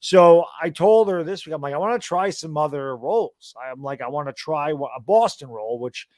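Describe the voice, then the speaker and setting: With studio-quality audio and no echo, a man in his thirties speaks at a moderate pace, his voice leaning high. As co-host of a sports talk stream, he's sleepy and yawning, rambling casually through unhurried stories.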